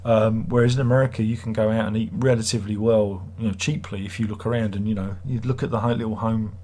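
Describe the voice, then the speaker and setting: A man's voice: fairly low pitch, fairly even intonation, quick pace, dark tone, a little hiss or hum. A middle-aged man hosts a livestream, chatting casually and reading viewer comments in a sarcastic, rambling way. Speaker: livestream host.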